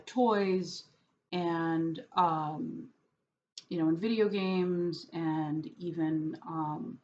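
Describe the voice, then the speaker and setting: A woman muses slowly and hesitantly, trailing off into fillers and restarting her thoughts. Her wit is dry and self-mocking. The audio is dull and lo-fi, with a faint hiss of background noise underneath. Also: on the low side. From New York. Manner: wry, self-deprecating sarcasm. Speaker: vlogger. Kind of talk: casual rambling monologue.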